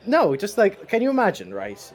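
A man's voice: high-pitched, huge pitch swings, brisk. Playful podcast guy, voice swoops all over, laughs a lot, a bit sweary. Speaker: podcast co-host. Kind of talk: casual banter.

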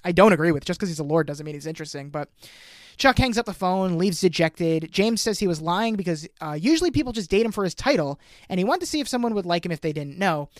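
A man's voice: high-pitched, animated, fast, no room sound, clean studio sound. Man joking through a show recap. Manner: jokey, acts out characters' lines. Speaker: podcast host. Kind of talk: casual recap chat.

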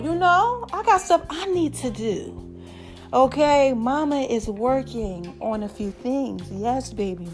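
A woman hosting her own podcast in casual solo talk, chatty and warm with listeners, calling them child and baby, and swinging between loud and soft phrases. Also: sits high, animated, slow pace, soft background music. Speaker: podcast host.

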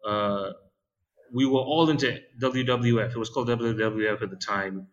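A man at an ordinary middle pitch tells a crude, jokey story in relaxed podcast chat. He slips into the voices of the people in his tale as he goes. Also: normal speed, muffled recording. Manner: crude, jokey, acts out quotes. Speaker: podcast co-host.

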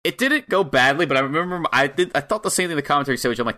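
A man's voice: on the high side, expressive, racing, sharp tone. A man co-hosting a casual podcast, laid-back and wry, recapping with plenty of filler words. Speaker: podcast co-host.

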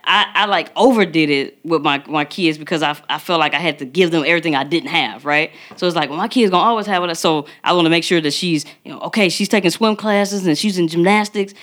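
A woman's voice: fairly low pitch, quick pace, few pauses, a bit bright. A woman in her thirties co-hosting a podcast, chatting casually and animatedly, laughing often. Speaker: podcast co-host.

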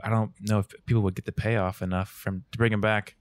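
A man's voice: on the low side, little pitch movement, fairly quick. A man hosting a casual conversation about movies, enthusiastic and asking questions.

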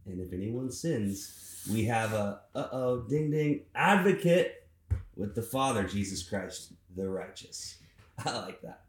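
A man's voice: fairly low pitch, a little slow. A man co-hosting a podcast as a pastor, chatting in a laid-back, wry way and throwing in jokes. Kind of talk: casual podcast chat. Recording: distant, roomy, faint background noise.

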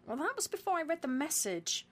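A woman's voice: high voice, sing-song, a little fast. An actress playing a woman unnerved by a stalker, frank and blunt in her speech, in a radio drama. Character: rattled woman harassed by a stalker.

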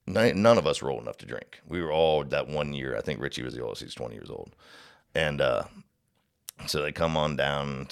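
A man with an extremely low, gravelly voice, talking in a relaxed, rambling way. He tells folksy stories and slips into voices for the people in them. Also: a little fast. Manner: rambling, folksy storyteller, acts out voices in his anecdotes. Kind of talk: casual storytelling chat.

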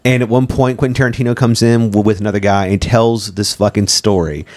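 A man's voice: fairly low pitch, fairly even intonation, brisk, darkish tone. A man in a casual podcast chat about movies, rambling through stories with lots of fillers, frequent swearing and laughter. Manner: laughs often while retelling scenes.

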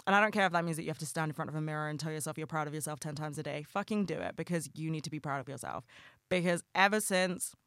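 A young adult host talking casually and heartfelt on a solo podcast, rambling with lots of "like" and swearing, bursting into excitement. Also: mid-range voice, very fast, dry recording, clean studio sound.

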